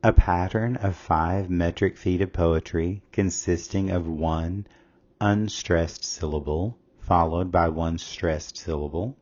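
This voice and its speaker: Man, tutor, very low voice, measured, reads questions and answer choices aloud. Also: steady tone, darkish tone, lo-fi sound. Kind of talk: scripted test-prep lesson.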